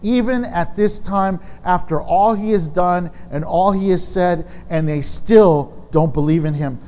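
A man's voice: high voice, unhurried, darkish tone. A man preaching a sermon in a candid, conversational way, with frank asides to the congregation. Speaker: pastor. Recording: long reverb of a large hall.

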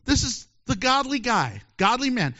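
A man preaching a sermon in a joking, animated way, acting out little voices and laughing often. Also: extremely high pitch, moderate pace. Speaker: pastor. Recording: dull lo-fi sermon recording.

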